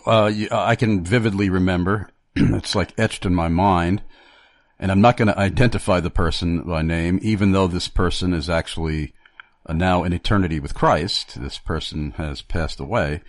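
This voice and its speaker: Male talk host, deep voice, dry and close, thoughtful, pauses and restarts often. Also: no echo. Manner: reflective, halting, with frequent fillers and restarts. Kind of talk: Christian radio talk.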